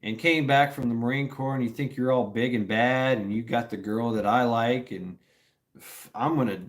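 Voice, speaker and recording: A man's voice: mid-range voice, steady tone, normal speed, natural voice. A man voicing a belligerent young drunk with a wired-shut jaw, slurring threats as he retells a bar fight.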